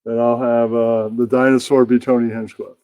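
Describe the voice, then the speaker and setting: A man's voice: mid-range voice, little pitch movement, normal speed, mellow, no echo. A man hosting a puppet show stream, rambling and chuckling to himself as he sets up scenes. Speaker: host.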